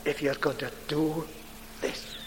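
A man preaches a sermon at an unhurried pace, leaning on single words and letting pauses hang. His voice sits a little high for a man. It carries with a long church reverb over a faint background hiss. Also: level tone. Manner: deliberate, emphatic delivery with dramatic pauses.

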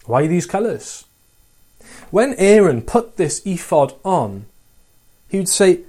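Guy preaching, earnest, bit high and mellow, reads scripture out. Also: sing-song, slow, long pauses, husky. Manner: earnest, asks rhetorical questions, reads scripture aloud. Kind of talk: sermon.

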